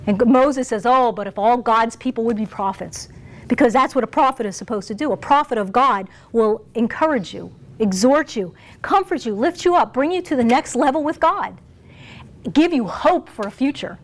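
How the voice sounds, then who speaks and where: High pitched lady giving a bible lesson, animated, laughs a lot. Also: normal speed. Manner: chatty and animated, laughing often, restarting phrases. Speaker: Bible teacher. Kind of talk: informal sermon.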